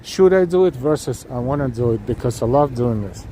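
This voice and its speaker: On a city street at evening, a live-stream walking tour host chats earnestly straight to viewers, reading chat aloud as he walks. His medium-pitched voice is mellow and brisk with lively intonation. A handheld camera rig picks up faint traffic and street noise.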